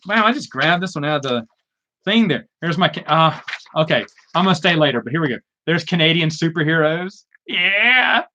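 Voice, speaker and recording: A man's voice: on the high side, lively intonation, a little fast, bright, forceful tone. A man hosting a live Q&A, chatting casually and rambling with lots of fillers, restarts and self-mocking asides. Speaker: live Q&A host. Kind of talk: casual live stream chat.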